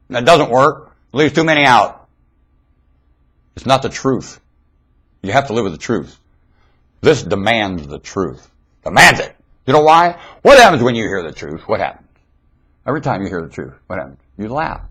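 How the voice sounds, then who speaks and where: Husky guy preaching into his webcam, lively swoopy pitch, gets loud then drops way down. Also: low-quality recording. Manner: emphatic, swings between loud and hushed. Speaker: webcam commentator. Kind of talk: preachy monologue. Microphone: webcam microphone.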